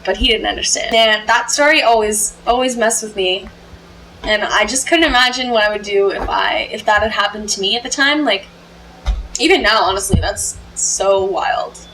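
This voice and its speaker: A woman's voice: mid-range voice, a little fast, pushed and bright, a little hiss or hum, poor audio. A woman telling a story to camera in a casual, chatty way, full of fillers. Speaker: storytelling vlogger.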